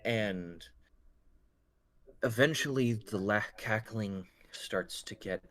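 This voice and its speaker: A man runs a tabletop role-play as game master, narrating each scene at an unhurried pace. His voice sits on the low side, and his delivery stays measured and descriptive. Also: a bit bright, slight background noise.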